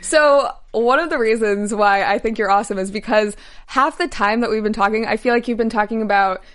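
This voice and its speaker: A woman's voice: a little high, brisk. A woman hosting an interview, asking questions and giving short, supportive replies. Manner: supportive, brief backchannels. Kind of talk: casual interview chat.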